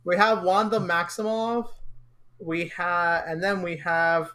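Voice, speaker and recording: A man's voice: high-pitched, flat delivery, slow, bright, forceful tone. A young man co-hosting a casual podcast, joking sarcastically and often restarting his sentences. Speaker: podcast co-host. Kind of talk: casual chat.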